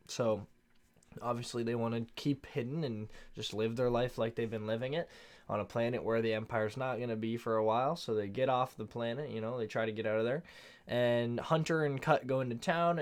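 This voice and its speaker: A tired man yawning late at night and recapping a show in a rambling, slangy casual chat that drifts off topic. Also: medium pitch. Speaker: show reviewer.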